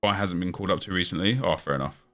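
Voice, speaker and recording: A gaming streamer man with a lowish, bright, forceful voice talks casually with his audience. He runs through updates in a loose, chatty way and punches up the energy for his video intros. Faint music plays behind him. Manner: chatty, quick back-and-forth with viewers, hype intro energy. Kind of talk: casual livestream chat and upbeat video intro.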